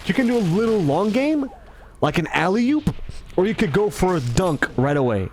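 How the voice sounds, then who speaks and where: This is a man talking in a loose, rambling monologue, his voice sitting high. He stumbles, restarts and corrects himself constantly, and his pitch leaps around with lively energy. Faint background noise runs beneath him. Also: moderate pace. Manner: restless, self-correcting, stumbling over words; acts out greetings in shifting tones.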